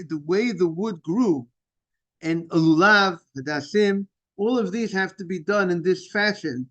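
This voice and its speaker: High-voiced rabbi teaching with many restarts. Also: male voice, dull audio. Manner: repeats words, restarts, digresses, greets students. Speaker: rabbi teaching Talmud class. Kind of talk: informal Talmud lesson.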